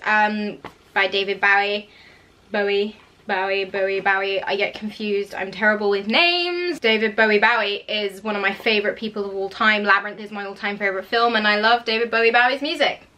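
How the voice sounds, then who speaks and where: A woman's voice: on the high side, bright, forceful tone. A young woman, chatting enthusiastically about her book collection, laughing and tripping over names. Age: young adult. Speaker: actor vlogger. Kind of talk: casual chat.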